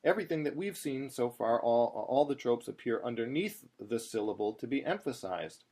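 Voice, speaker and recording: A man's voice: mid-range voice, lively intonation, normal speed, a little mellow. Man teaching Torah chanting step by step. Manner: patient, explains step by step and sings short chant examples. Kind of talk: screen-share tutorial lesson.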